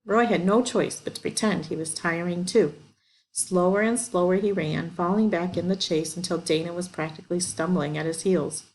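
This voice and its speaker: A woman narrates a storybook in a steady, even manner. Her voice sits a little low, and a faint hiss lies under the reading. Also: normal speed. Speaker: audiobook reader. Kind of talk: scripted narration.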